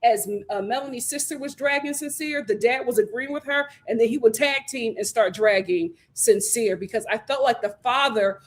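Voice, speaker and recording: A woman hosts a casual recap, her voice sitting a little high. She tells the story with lively energy, slipping into quoted voices of the people she describes. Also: normal speed, hardly any pauses. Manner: animated retelling with quoted voices. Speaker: host. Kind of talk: casual show recap chat.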